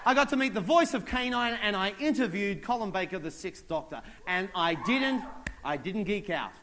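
A man telling a comic story on stage, animated, acting out other people and voices as he goes. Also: high-pitched, normal speed, a little hiss or hum. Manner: animated, acts out characters and voices. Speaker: stand-up comedian. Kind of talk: stand-up comedy storytelling.

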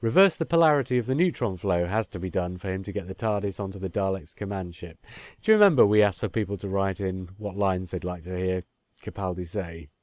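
A man's voice: low voice, a little fast, hardly any pauses, a little mellow, no room sound. A man, co-hosting a casual podcast chat and reading listener emails aloud. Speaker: podcast co-host.

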